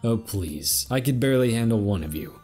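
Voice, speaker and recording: A man's voice: mid-range voice, expressive, fairly quick, mellow, breathy edge, faint music behind. A man playing a laid-back, joking human man who is devoted to his partner, talking casually and wisecracking.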